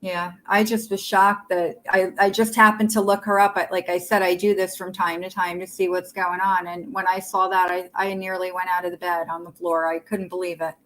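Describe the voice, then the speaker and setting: A woman's voice: fairly low pitch, little pitch movement, normal speed, hardly any pauses, fairly bright tone, low-quality recording. A woman co-hosting a casual livestream chat, telling personal stories with hesitant restarts. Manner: chatty storyteller, hesitant restarts. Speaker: co-host of a livestream chat show.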